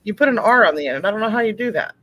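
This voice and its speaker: A woman's voice: mid-range voice, expressive, very fast, bright, forceful tone, low-quality recording. A woman hosting a casual video chat with viewers, playful and laughing often. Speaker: host. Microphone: webcam.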